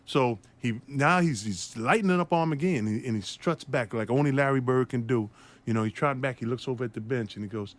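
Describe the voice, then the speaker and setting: This man, once a basketball player, recounts an animated tale during an interview, often breaking into laughter and imitating the characters' voices. He has a medium-pitched voice and talks a bit quickly.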